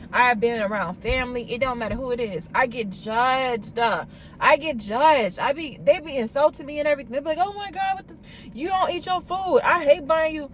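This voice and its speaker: A young woman vlogging, telling a date story in casual slang, gushing and quoting herself in squeals, with a cough. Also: slight background noise. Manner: animated, gushing, quotes herself in high squeals. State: coughing, under the weather.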